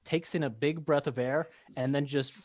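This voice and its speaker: A man's voice: a little high, fairly even intonation, moderate pace, darkish tone, no echo. A man narrating as game master of a tabletop game, describing scenes with many ums and restarts.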